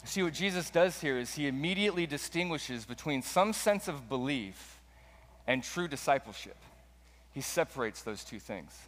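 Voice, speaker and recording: A man's voice: fairly high pitch, lively intonation, moderate pace, fairly bright tone, in a large hall. A man preaching a sermon as pastor, earnest and emphatic, often repeating his points.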